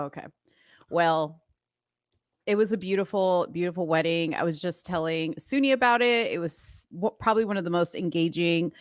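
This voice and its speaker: On a dry, studio-quality recording, a woman with a lowish voice co-hosts a podcast. In casual chat she tells a story in a gushing, chatty way, dropping "like" often.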